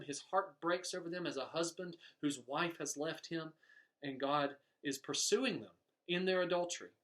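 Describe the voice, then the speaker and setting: A man preaching a sermon, telling stories in an animated way and pointing the lesson back to his listeners. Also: on the high side. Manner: storytelling preacher, animated, voices quoted characters. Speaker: pastor.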